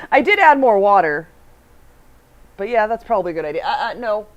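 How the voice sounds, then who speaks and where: A woman's voice: medium pitch, very animated, moderate pace, highs cut off. A woman hosting a casual baking livestream, chatting with her co-host, reading viewer comments aloud and laughing often.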